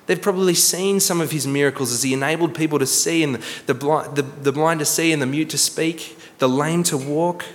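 A man preaching a sermon as pastor, earnest, slowing for emphasis and repeating words. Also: on the high side. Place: church hall. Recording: long church reverb.

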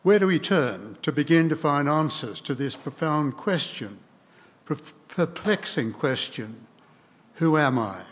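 Male preacher, sermon, deliberate, slow, long hall reverb. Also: medium pitch, animated. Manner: measured, deliberate delivery with scripture readings.

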